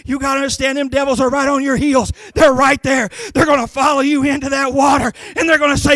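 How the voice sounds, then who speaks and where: High, bright-voiced shouting Pentecostal preacher. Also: male voice, flat delivery, fairly quick, no echo. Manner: impassioned, swings from hushed asides to shouted climaxes. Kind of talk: Pentecostal sermon. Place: church sanctuary.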